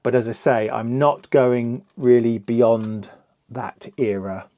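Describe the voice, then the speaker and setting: Brief: middle-aged man, unhurried, rambling self-mocking builder talk. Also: mid-range voice, mellow, slight background noise. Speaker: LEGO reviewer host. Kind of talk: casual build commentary.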